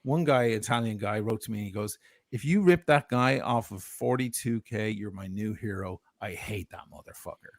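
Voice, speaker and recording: Man with a low voice, livestream guest, profane and aggrieved, dry close sound. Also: moderate pace, no echo. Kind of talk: heated livestream chat. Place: lives in Italy.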